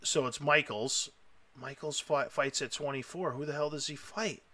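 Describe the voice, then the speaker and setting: A man hosting a casual chat, telling a story with excitable, emotional energy and lots of rambling. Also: on the high side, normal speed. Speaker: podcast host.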